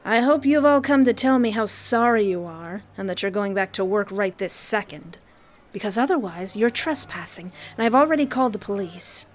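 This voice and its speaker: A woman's voice: mid-range voice, moderate pace, natural voice. A woman reading as a stern mine boss. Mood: indignant. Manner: curt and commanding.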